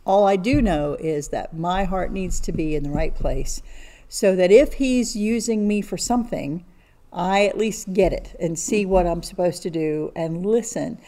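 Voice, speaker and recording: A woman's voice: on the low side, unhurried, warm tone. An older woman co-hosting a casual Bible study chat, earnest and talkative. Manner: chatty, earnest, talks a lot.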